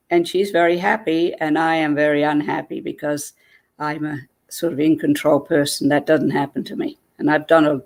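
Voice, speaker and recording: A woman, a guest, telling a personal story in a lively way and acting out what people said. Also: low voice, moderate pace.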